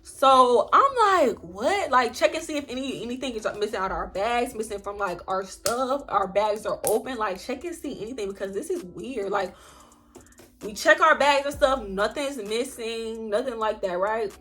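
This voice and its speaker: A young woman telling a story in a casual vlog, animated and chatty, with frequent swearing. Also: fairly high pitch, moderate pace. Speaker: vlogger.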